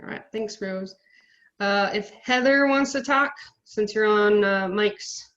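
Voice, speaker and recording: A woman's voice: mid-range voice, takes it slowly, fairly bright tone. Woman instructor on a muffled video call. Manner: brief, welcoming. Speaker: course instructor. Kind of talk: calling on students in an online class.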